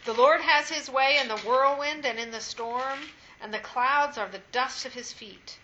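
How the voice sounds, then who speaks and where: A woman reading scripture aloud at a steady, measured pace in a Bible study. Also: high voice, lo-fi sound, a little hiss or hum. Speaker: scripture reader.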